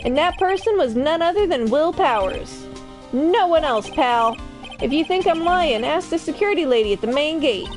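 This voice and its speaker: A woman voicing a gruff, blundering male police detective in a put-on New York accent who keeps saying "pal". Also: high-pitched, animated, moderate pace, faint music behind. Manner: brash, says "pal" often.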